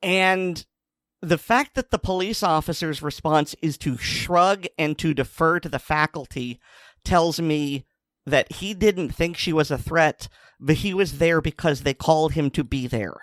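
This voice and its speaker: A man's voice: fairly high pitch, a little slow, a bit bright, no echo, studio quality. A man co-hosting a podcast, retelling a news story in a casual, sardonic way. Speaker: podcast co-host. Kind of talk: casual chat.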